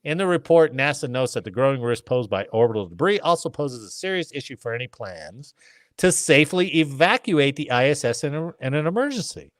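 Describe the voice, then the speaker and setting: A man hosting a casual podcast, reading news articles aloud and riffing on them with jokes and quick put-on voices. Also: medium pitch, very animated, no room sound. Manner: jokey, reads articles then riffs with funny voices.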